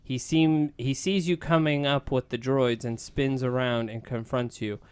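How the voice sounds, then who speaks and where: A man's voice: mid-range voice, fairly even intonation, measured pace, clean tone. A man casually reading an adventure book aloud, stumbling and correcting himself as he goes. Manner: stumbling, self-correcting, laughing asides. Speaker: book reader and podcast host.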